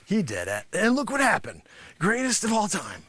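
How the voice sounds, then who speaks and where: A man playing a boastful, money-grubbing karate sensei who scolds his class and breaks into shouts. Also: high voice, wildly swooping pitch, normal speed, breathy edge, full character voice. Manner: bragging, scolding, swings into shouts. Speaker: livestream host. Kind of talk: improvised comedy character bit.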